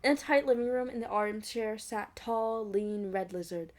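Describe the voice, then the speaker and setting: A young woman reading a fan fiction aloud at an ordinary pitch. She keeps breaking off with giggly, mocking asides about the story. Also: moderate pace, darkish tone. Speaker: fanfic reader.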